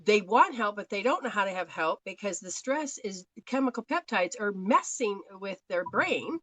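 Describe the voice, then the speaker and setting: A woman's voice: medium pitch, lively intonation, normal speed, fairly bright tone, dry recording, low-quality recording. A woman from Australia giving live spiritual readings in a chatty, rambling way, laughing often. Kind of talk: live-stream talk.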